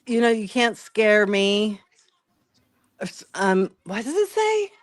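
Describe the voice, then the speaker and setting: A woman's voice: mid-range voice, very animated, unhurried, dry recording, studio quality. A woman co-hosting a podcast in casual chat, telling anecdotes and laughing often. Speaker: podcast co-host.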